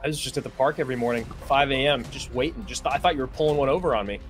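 A man's voice: medium pitch, rapid-fire, faint music behind. Dry-humored man reading quiz questions. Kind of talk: game show question reading.

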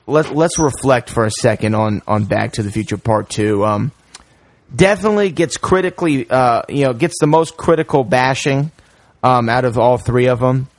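A man hosting a casual film review chat, retelling scenes in an animated way with many fillers. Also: medium pitch, dry recording. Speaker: podcast host.

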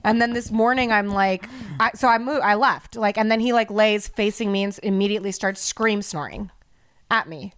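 A woman's voice: medium pitch, moderate pace, a bit bright. A woman co-hosting a podcast, ranting heatedly and swearing freely in casual chat. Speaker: podcast co-host.

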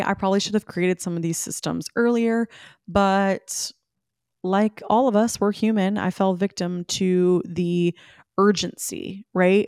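A woman hosting a solo podcast. She gives listeners animated, emphatic pep talks and speaks to them directly. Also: mid-range voice, no room sound, studio quality. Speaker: podcast host. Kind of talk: solo podcast talk, motivational.

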